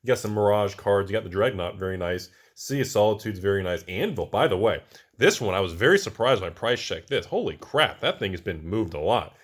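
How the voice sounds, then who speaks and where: A man hosting a casual show-and-tell of his card collection, chatty and wisecracking, jumping between excited bursts and low mutters. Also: fairly quick, slightly rough. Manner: wisecracking, self-mocking.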